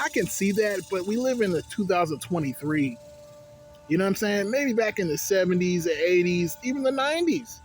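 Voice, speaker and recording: Profane rambling young man, higher voice. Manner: profane, rambling, digressive storytelling. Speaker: vlogger reviewing a vape. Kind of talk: casual rambling product review.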